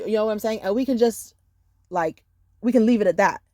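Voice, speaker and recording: A woman telling a casual storytime monologue to camera, animated and profane, with many "you know"s. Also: medium pitch, brisk, dry recording, studio quality. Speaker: storyteller vlogger.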